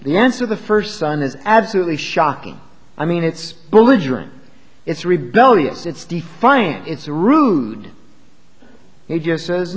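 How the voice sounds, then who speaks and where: A man's voice: a little high, sing-song, unhurried, husky, big-room sound, low-quality recording. A man preaching a sermon in an emphatic, conversational way, asking his listeners questions as he explains a Bible passage.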